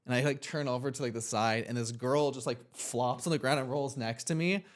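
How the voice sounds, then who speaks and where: A man's voice: medium pitch, brisk. A young man co-hosts a casual podcast and tells a long personal story. He talks in an earnest, reflective, rambling way and leans on "like" as filler. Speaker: podcast co-host.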